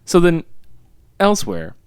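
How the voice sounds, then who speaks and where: A man co-hosting a podcast, chatting casually about a movie in an animated, profane way and laughing often. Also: a little high, unhurried, clear, resonant tone, no room sound. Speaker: podcast co-host.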